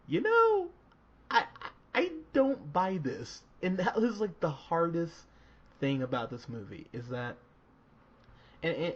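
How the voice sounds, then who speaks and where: Animated swearing man on a movie podcast. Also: medium pitch. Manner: animated, swearing, laughing often, many fillers. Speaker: podcast co-host. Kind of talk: casual movie review chat. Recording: dull lo-fi podcast audio with faint noise.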